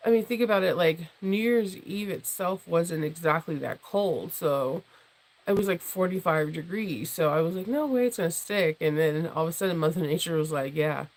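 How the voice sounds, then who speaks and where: A woman hosting a casual sewing livestream from home. She is losing her voice, so it sits deeper and husky, and she chats in a rambling way, full of restarts and laughs. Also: normal speed, a little mellow, rough recording. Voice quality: low, husky tone she calls her jazz voice. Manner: rambling and chatty, with many restarts, fillers and laughs. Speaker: sewing channel host and sewing teacher. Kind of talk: casual livestream chat with viewers.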